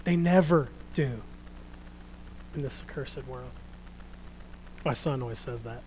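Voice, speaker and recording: A middle-aged man preaching a sermon, earnest and animated, dropping to a hush for quoted words. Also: mid-range voice, slow pace, long pauses, a little hiss or hum, low-quality recording.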